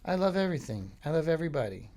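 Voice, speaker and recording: Rambling deadpan podcast host, a man. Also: a little high, racing. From Florida. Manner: meandering, deadpan, filler-heavy. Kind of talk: rambling comic monologue.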